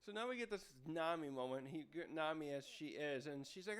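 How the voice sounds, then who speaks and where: A man's voice: on the high side, expressive, fairly quick, fairly bright tone, clean tone. A man reviewing a comic chapter in casual chat, rambling with many fillers and restarts. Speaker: manga reviewer.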